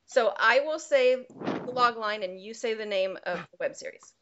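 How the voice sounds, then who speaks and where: A woman's voice: fairly high pitch, normal speed, noisy background. A woman hosting a casual quiz game on a podcast, reading clues aloud and laughing often. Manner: upbeat, laughs often, reads log lines aloud. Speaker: quiz host. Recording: dull lo-fi audio.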